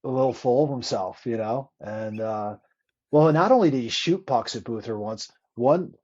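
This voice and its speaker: A man, a former hockey player, telling stories in a casual interview, animated and swearing freely as he acts out old quotes. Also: medium pitch, normal speed, slightly rough, muffled recording.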